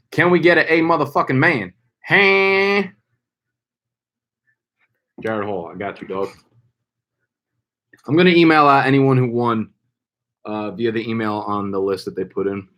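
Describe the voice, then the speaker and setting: A young man hosting a casual live stream, loud and playful, hyping up names with slang and swearing. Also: fairly low pitch. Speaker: fantasy football streamer.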